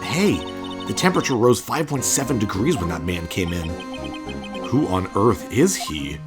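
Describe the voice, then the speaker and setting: A man voicing a puzzled young defense lawyer who mutters in quiet bewilderment. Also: fairly low pitch, big pitch swings, moderate pace, music in the background.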